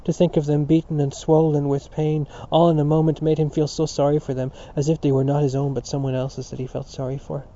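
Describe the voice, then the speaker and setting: A man narrating a literary audiobook in a steady, sober reading voice, on a dull lo-fi recording. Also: a little high, a little fast, few pauses.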